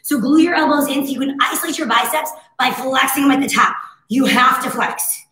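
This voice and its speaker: A woman fitness instructor with a hoarse, husky voice, cueing breaths and moves in a casual, encouraging live workout class. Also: high voice, brisk, bright, forceful tone. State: hoarse from overuse. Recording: very echoey room.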